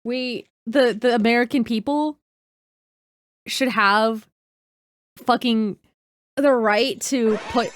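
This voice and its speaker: A woman's voice: a little high, steady tone, slow, pauses often, dry recording. A young woman streaming a reaction video, talking heatedly, swearing and greeting her chat by name. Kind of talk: casual live-stream reaction.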